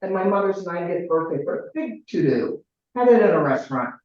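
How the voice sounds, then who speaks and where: A woman in her sixties from Ohio, telling a personal family story in a rambling, halting way with many restarts. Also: lowish voice, very animated, darkish tone. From Ohio, United States. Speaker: caller sharing her story. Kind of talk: personal storytelling in a group call. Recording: very echoey, distant, muffled.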